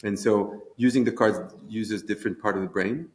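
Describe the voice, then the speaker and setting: A man's voice: lowish voice, fairly even intonation, moderate pace. A man who created a children's feelings program, talking eagerly in a conference interview and restarting his sentences as he goes.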